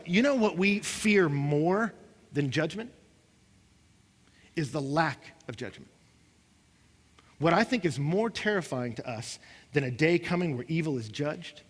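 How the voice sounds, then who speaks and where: A man's voice: fairly high pitch, a bit bright. A man preaching a sermon, acting out what his listeners say, with rising and falling intensity. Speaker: pastor. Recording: long hall reverb.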